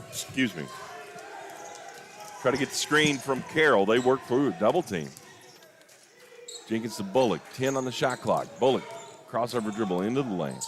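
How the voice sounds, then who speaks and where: A young man calling a basketball game play-by-play, openly partisan and quick to get worked up over big plays and missed calls. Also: mid-range voice. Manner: excitable, rises sharply on big plays and disputed calls; openly partisan, admits getting emotional. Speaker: play-by-play announcer. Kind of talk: live basketball commentary.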